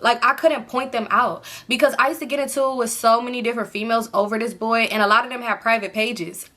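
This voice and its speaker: A woman's voice: a little high, bright, forceful tone. A woman in her late twenties telling a personal story to her viewers in a candid, chatty way, talking to them directly and swearing freely. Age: late 20s. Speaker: storytime vlogger.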